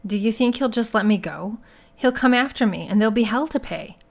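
A woman's voice: on the high side, lively intonation, a little fast, creaky. A woman voicing Kay, a tired, defensive woman in her forties, in an audiobook reading.

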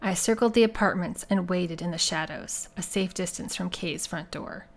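A woman's voice: on the low side, normal speed. Woman narrating an audiobook. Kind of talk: scripted narration.

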